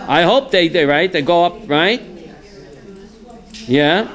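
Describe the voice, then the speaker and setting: Man, rabbi, high voice, bright tone, informal class, joking, keeps asking "right?". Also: lively intonation, slow. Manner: keeps asking "right?", jokes and tells stories to the audience; breaks into shouted punchlines. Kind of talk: informal Torah class with jokes.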